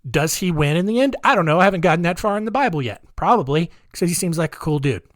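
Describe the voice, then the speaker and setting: A man's voice: a little high, expressive, quick pace, fairly bright tone, no echo, clean studio sound. A man hosting a podcast, telling a true-crime story in a rambling, jokey way full of asides. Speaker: podcast host.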